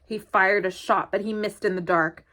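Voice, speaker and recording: A woman's voice: medium pitch, moderate pace. A woman librarian reading picture books to children in a virtual storytime and asking them questions. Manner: animated, asks children questions.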